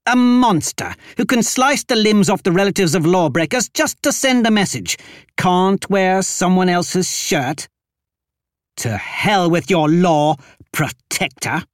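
A woman's voice: fairly low pitch, expressive, measured pace, dry recording, studio quality, voice pushed up. An audiobook narrator voicing Thera, a fiery, defiant young woman who snaps with scorn. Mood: scornful. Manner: sharp, scornful, snapping.

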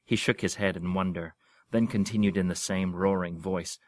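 A man reading a fantasy story aloud in a measured, expressive way. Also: low-pitched, dry recording. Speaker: narrator.

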